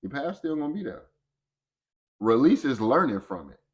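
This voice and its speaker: A middle-aged man giving a motivational talk on personal growth, lively and conversational, acting out quoted voices. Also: mid-range voice, moderate pace.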